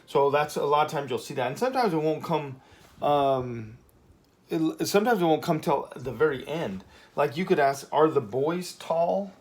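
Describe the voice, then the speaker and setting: A man teaching a casual Spanish lesson, chatty and relaxed, filling pauses with "um" and checking in with "okay?". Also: fairly high pitch. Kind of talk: casual classroom lesson at a whiteboard.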